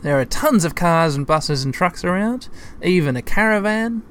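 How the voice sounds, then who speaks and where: A man's voice: sits high, animated, moderate pace, a bit bright, a little hiss or hum. A man giving casual gameplay commentary as a let's-play host, chatty and thinking aloud as he talks to his listeners.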